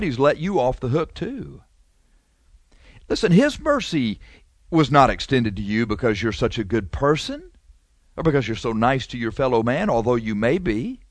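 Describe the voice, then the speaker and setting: A man's voice: on the high side, no echo. Fiery scolding male preacher. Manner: emphatic, scolding, swings from rapid to slow. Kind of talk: fiery sermon.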